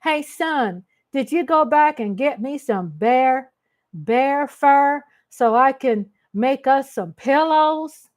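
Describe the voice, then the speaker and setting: A woman's voice: sits high, lively intonation, takes it slowly, voice pushed up. A woman voicing a folksy country mother who talks to her son. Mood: homey.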